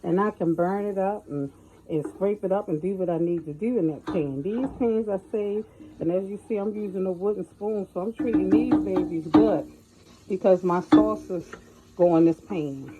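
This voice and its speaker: A woman's voice: mid-range voice, moderate pace, lo-fi sound, heavy background noise. A middle-aged woman giving a folksy, chatty cooking tutorial in her home kitchen, often calling out to viewers as y'all. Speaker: home cook.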